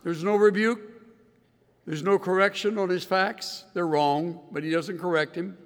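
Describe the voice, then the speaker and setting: Slow, high-voiced preacher in a reverberant hall. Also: male voice, fairly even intonation. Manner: earnest, swings into loud emphatic bursts. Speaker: pastor. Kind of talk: sermon.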